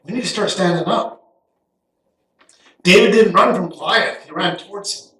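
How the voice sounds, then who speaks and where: A man's voice: high-pitched, far from the mic. Folksy preaching man in an echoey church. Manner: folksy and animated, acting out Bible characters in quick asides. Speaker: guest pastor. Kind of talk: sermon. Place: church sanctuary. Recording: echoey church hall, voice heard from afar.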